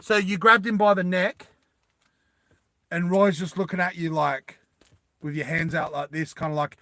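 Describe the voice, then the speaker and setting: A man narrating a tabletop game as game master, in an animated, rambling storytelling style. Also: a little high, moderate pace, long pauses, dry recording.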